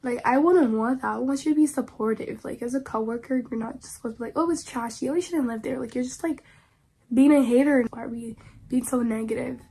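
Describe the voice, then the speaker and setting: Husky-voiced chatty woman reacting online. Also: fairly high pitch, fairly even intonation, fairly quick, warm tone. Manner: chatty and slangy, with dramatic pleading to viewers. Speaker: YouTuber reacting to online posts. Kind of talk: casual reaction commentary, reading posts aloud.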